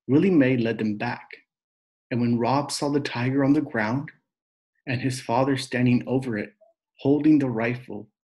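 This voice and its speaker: A man reads a novel aloud in slow, steady narration. His voice sits at a middle pitch, and he takes his time over each line. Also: rough recording. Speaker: reader.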